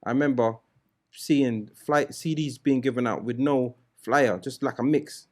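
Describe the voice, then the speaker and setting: A man hosting a DJ podcast, chatting casually and telling animated stories with laughter. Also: medium pitch, a little slow. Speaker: podcast host.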